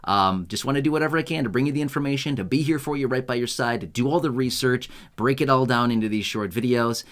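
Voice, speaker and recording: An American man of middle pitch hosts his own unedited video. He rambles, laughs at his own slips and pokes fun at himself. His talk is loose and chatty, like an unscripted upload. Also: quick pace, fairly bright tone. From United States. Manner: rambling, self-mocking, laughs often. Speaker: YouTube host. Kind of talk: casual unscripted vlog.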